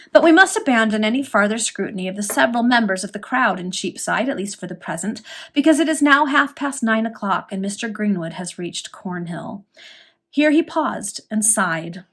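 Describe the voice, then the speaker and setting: A woman reading a Victorian serial novel aloud, storytelling with lively emphasis. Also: mid-range voice. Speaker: reader.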